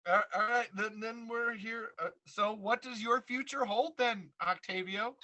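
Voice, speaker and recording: A young adult man hosting a relaxed interview, playful and quick to laugh. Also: high voice. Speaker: podcast host. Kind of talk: casual interview chat.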